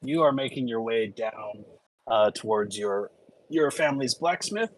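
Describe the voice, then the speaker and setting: Casual male game master narrating, animated pitch. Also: unhurried, a little hiss or hum, low-quality recording. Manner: relaxed, casual, with fillers.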